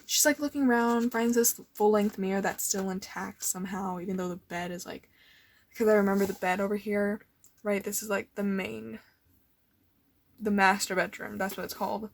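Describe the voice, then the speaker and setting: A woman's voice: mid-range voice, steady tone, moderate pace, creaky. A young woman casually rambling as she flips through her old sketchbooks, nervous and full of fillers. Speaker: artist showing old sketchbooks.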